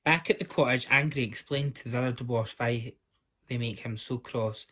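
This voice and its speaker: A man reading a children's story aloud as the storyteller, lively and doing the voices. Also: medium pitch, normal speed.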